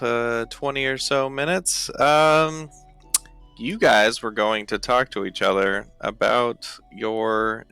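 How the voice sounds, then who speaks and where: A man runs a tabletop game on stream, his voice gravelly and slow. He talks in a halting way, full of fillers and restarts. The sound is bright and dry. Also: medium pitch. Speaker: game master.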